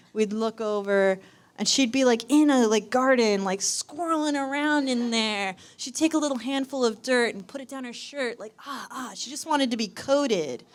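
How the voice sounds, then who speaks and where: Young woman, mid-pitch, dry wit, live stand-up storytelling on a campus stage. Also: clear, resonant tone. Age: young adult. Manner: wry, self-deprecating, lively delivery. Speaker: student performer. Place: university performance stage.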